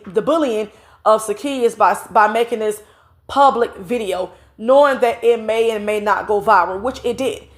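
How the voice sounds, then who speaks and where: A woman speaking talks through a stuffed-up nose and audible breathing, her voice sitting a little high. She delivers casual, indignant vlog commentary, piling up fillers as she goes. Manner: chatty, indignant, drawn-out fillers. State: congested nose, heavy breathing. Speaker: commentary vlogger.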